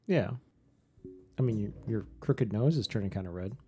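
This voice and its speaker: Woman cohost with a super low voice, slow and deliberate, casual chat. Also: expressive, mellow, husky, faint music behind. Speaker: podcast cohost.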